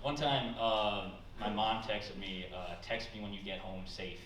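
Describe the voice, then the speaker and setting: A young man performing a stand-up comedy set with a dry, deadpan delivery. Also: lowish voice, unhurried, far from the mic. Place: small comedy club stage. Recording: echoey club room, mic heard from afar, loud noise.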